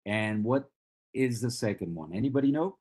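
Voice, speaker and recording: A man's voice: medium pitch, expressive, normal speed, a little mellow, breathy edge. A man teaching an English speaking class. He explains patiently and keeps asking the students questions to check they follow. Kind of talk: live online class lecture.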